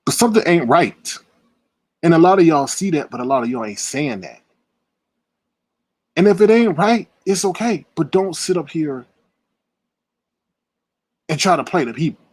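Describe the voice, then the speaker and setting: A man in a heated livestream rant, confrontational and indignant, swinging between loud outbursts and low muttering, with a husky voice. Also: animated, moderate pace, long pauses, no room sound. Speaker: live-stream commentator. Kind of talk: heated live-stream rant.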